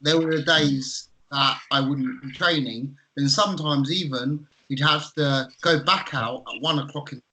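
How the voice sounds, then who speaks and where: Bright-voiced easygoing man. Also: fairly high pitch, unhurried, hardly any pauses, low-quality recording. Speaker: podcast co-host. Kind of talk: casual chat.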